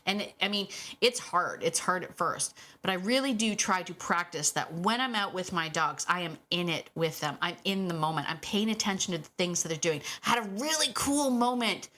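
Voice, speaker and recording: Bright-voiced woman animatedly talking dogs. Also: lowish voice. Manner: animated, acts out dogs' voices, laughs often. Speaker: podcast host and dog trainer. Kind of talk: casual solo podcast talk.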